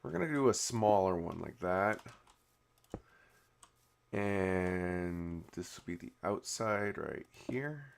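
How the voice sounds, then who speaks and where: A man's voice: low-pitched, animated, slow, vocal fry, long pauses, a little hiss or hum. Rambling man chatting while building. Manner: rambling, full of "you know" and restarts. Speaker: YouTube game host. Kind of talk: casual commentary while building.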